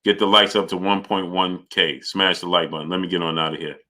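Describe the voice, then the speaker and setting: A man hosting a live boxing stream, greeting viewers by name and arguing his points forcefully. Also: deep voice, little pitch movement, fairly quick. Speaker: boxing channel host. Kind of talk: live-stream chat and commentary.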